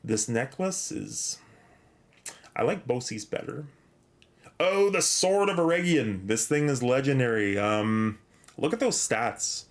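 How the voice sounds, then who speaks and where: A man's voice: medium pitch, expressive, slow pace. Rambling, grateful male game streamer. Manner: rambling, many fillers and restarts, reads chat and quest text aloud. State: a little out of breath. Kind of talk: casual live-stream chat.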